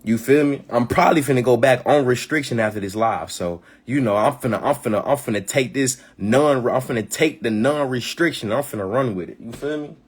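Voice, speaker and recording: A man's voice: medium pitch, a little fast, few pauses, breathy edge. A man hosting a live community gathering, talking passionately with a lot of slang, swearing and repeated phrases. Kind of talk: casual live-stream talk.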